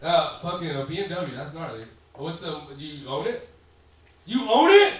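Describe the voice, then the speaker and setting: A man's voice: a little high, big pitch swings, normal speed, fairly bright tone. Profane young-sounding man doing crowd work. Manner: profane, rambling, laughs often mid-sentence. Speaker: stand-up comedian. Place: comedy club stage. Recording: far-off roomy club recording with crowd. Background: audience laughter.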